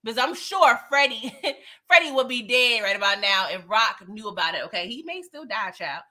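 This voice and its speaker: A woman's voice: on the high side, expressive, moderate pace, pushed and bright. A woman hosting a live recap of a TV episode, chatting in a slangy, emphatic way, tagging her points with "okay?" and laughing often. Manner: chatty, keeps asking "okay?". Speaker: TV recap host. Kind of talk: live show recap chat.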